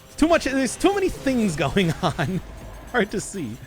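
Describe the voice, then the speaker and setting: A man talking through a video game session in a casual, playful way. His voice sits a little high and swings widely in pitch as he jokes and reacts. Soft music plays behind him. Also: huge pitch swings, measured pace. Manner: playful, joking, self-deprecating. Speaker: gaming streamer. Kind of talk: casual gameplay commentary.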